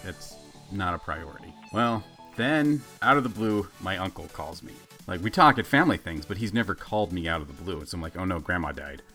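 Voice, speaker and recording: Bright-voiced low man telling a story. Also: a little fast, faint music behind. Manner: animated storyteller, acts out quoted lines. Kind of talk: storytelling in casual chat.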